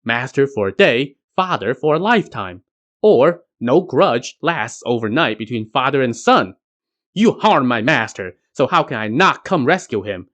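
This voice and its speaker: Brash, mocking monkey trickster hero, played by a male narrator in a storybook tale, lively delivery. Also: mid-range voice, measured pace. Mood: taunting.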